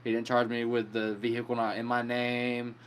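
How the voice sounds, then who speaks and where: Man, podcast host type, relaxed and profane, storytelling. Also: medium pitch, moderate pace, slight background noise. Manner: laid-back, profane storytelling. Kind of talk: casual chat.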